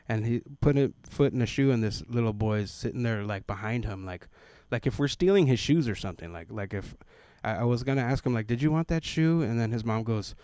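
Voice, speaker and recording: A man's voice: on the low side, darkish tone, clear, resonant tone, no echo. A man in his thirties doing a stand-up set at an open mic, telling family stories and briefly putting on voices for the people in them. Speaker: stand-up comedian.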